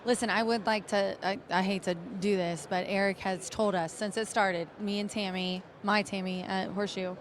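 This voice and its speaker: A woman co-hosting a live broadcast, talking in an excitable, gushing way. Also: medium pitch, normal speed, hardly any pauses, a little hiss or hum. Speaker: co-host. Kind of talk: casual live broadcast chat.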